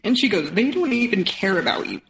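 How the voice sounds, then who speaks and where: Her mid-range voice is sing-song and slightly bright, captured in a rough, reverberant recording. The woman, in her thirties and a podcast guest, shares a personal story with feeling, quickly quoting and acting out other people.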